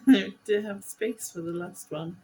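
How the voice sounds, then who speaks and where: A woman's voice: medium pitch, warm tone, low-quality recording. A woman, chatting casually and giggling at herself while crafting on her vlog. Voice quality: giggly, self-deprecating, chatty. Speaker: vlogger host.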